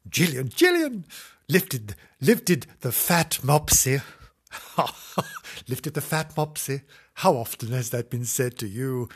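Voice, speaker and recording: A man's voice: medium pitch, breathy edge. A man reading a children's storybook aloud in a camp, theatrical way, breaking off into comic asides and sorry-children apologies. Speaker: comic reader.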